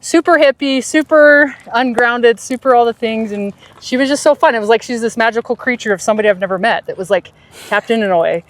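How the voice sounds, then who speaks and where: A woman in casual podcast talk recounts her own story with lots of energy. Her voice leaps upward when she gets excited, then sinks to a soft, low murmur when she turns reflective. She laughs easily along the way. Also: brisk. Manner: animated, jumps high in pitch when quoting others. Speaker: podcast host telling a personal story.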